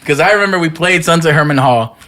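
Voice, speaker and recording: A man's voice: fairly high pitch, quick pace, sharp tone. A man on a podcast telling a long story in casual chat, full of "like" and "you know what I mean".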